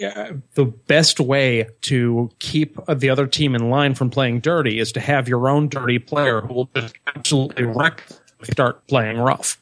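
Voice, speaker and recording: A man joins a casual podcast discussion, weighing his words with plenty of pauses and fillers. His pitch is middling. The recording is dry and close. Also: no room sound. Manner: thoughtful, hesitant, many fillers. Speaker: podcast co-host. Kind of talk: casual chat.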